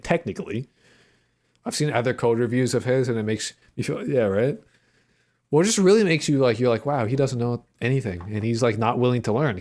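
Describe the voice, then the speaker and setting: A young adult man chatting casually with his livestream audience while coding, rambling with lots of fillers, joking and swearing. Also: mid-range voice. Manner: playful, jokey banter with chat. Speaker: streamer and indie game developer.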